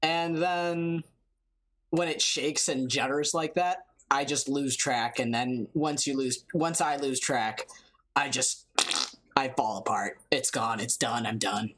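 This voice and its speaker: A let's play streamer chatting through a game and reading its dialogue aloud, animated and self-mocking, with a voice strained from yelling. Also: medium pitch, slow pace, low-quality recording.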